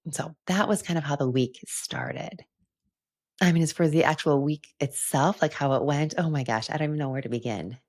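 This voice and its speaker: A middle-aged woman hosting a reflective solo podcast, talking earnestly and gently about spiritual topics with "like" fillers and soft laughs. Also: sits low, fairly quick, no echo, studio quality. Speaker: podcast host and retreat leader.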